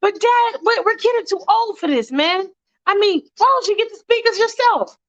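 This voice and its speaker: A woman's voice: very high-pitched, lively intonation, normal speed, fairly bright tone, dry recording, voice pushed up. A woman voicing a grown son who whines and complains to his strict father. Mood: whining. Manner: whiny, complaining. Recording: dull lo-fi dry recording.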